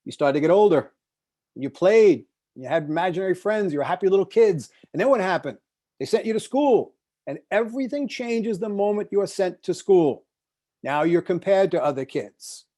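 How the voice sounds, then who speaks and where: A middle-aged man with a slightly raised voice gives a motivational talk to a group on a video call. He tells his stories with lively swings, bursting loud and then dropping to hushed asides. He has the easy, persuasive delivery of a working success coach. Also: high voice, normal speed. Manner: animated storytelling, shifting between loud bursts and hushed asides.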